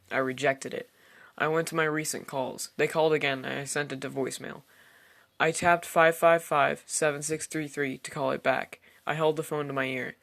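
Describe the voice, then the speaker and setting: A man's voice: on the high side, vocal fry, a bit bright. A man reading a first-person horror story aloud in a tense storytelling manner. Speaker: narrator. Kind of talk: scripted horror story narration.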